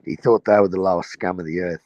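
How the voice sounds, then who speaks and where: A man's voice: deep voice, steady tone, fast talker, a little mellow, no echo. An Australian man hosting a casual chat, telling profane stories and laughing at them. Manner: rowdy, profane storytelling, laughing at his own tales.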